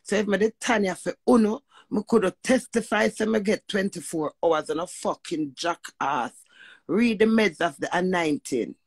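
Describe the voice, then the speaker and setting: A woman's voice: mid-range voice, moderate pace, slightly rough, dry recording. A woman with a Jamaican accent giving an emotional spoken testimony, preachy and emphatic, mixing patois with swearing and often asking "you hear that?". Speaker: vlogger sharing personal testimony.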